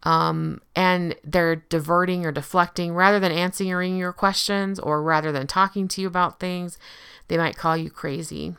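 A woman's voice: lowish voice, steady tone, moderate pace, vocal fry, a bit bright, clean tone. A woman giving a casual explanatory talk, conversational and often checking in with the listener. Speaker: speaker on relationship abuse.

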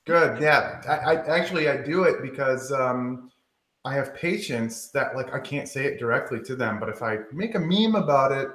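A man's voice: medium pitch, lively intonation, moderate pace, fairly bright tone. A man who is a doctor, a podcast guest chatting casually in a laid-back, self-deprecating way and laughing easily. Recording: roomy echo.

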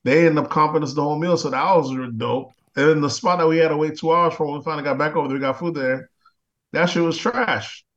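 A man's voice: a little high, fast talker, fairly bright tone, dull audio. A man chatting casually as a podcast co-host, rambling, repeating words and arguing his point insistently. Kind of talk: casual chat.

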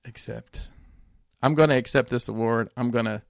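A man talks in a loose, rambling podcast chat, his voice gravelly with fry. The sound is dry and close. He swears casually and jumps between thoughts. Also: medium pitch, normal speed, no echo.

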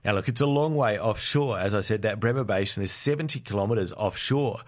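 Chatty Australian man, low voice. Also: a little fast. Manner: relaxed, chatty, many "uh" fillers. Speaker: community radio science show host. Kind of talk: casual radio presenting.

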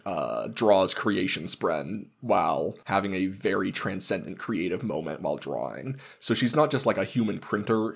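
Gravelly low-voiced man explaining. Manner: explains in a relaxed, laughing way. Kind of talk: casual book discussion.

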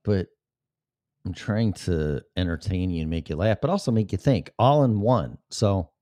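A man's voice: low-pitched, normal speed, warm tone, dry recording, studio quality. A man hosting a podcast in a casual live-stream monologue, sarcastic, profane and rambling. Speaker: podcast host.

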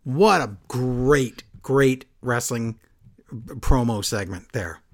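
A man co-hosting a casual wrestling chat, recapping a show with animated, exaggerated retellings. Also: mid-range voice, slow. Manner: animated, acts out quotes in exaggerated voices. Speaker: podcast co-host recapping wrestling.

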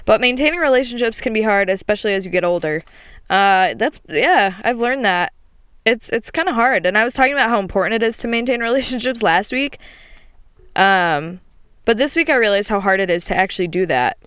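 A woman's voice: mid-range voice, animated, brisk, a bit bright, clear, resonant tone, no echo, clean studio sound. A woman co-hosting a casual podcast, cheerful and easy to laugh, who brushes off praise in a playful way. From United States. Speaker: podcast co-host. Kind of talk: casual chat.

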